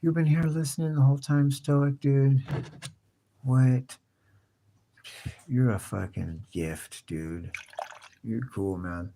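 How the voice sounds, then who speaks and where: A man's voice: medium pitch, slow pace, long pauses, warm tone, slight background noise. A man hosting a live stream, rambling in casual chat full of profanity and slang, calling everyone "dude". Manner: profane slangy chatter, constantly saying "dude". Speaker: livestream host.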